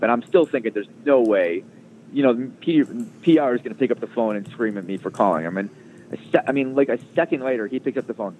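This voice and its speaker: Heard on a tinny, phone-like line with slight background noise, a man speaks quickly at a medium pitch. He is a sports radio producer from around Chicago, a guest in a casual interview who drifts through a long story with lots of fillers and restarts.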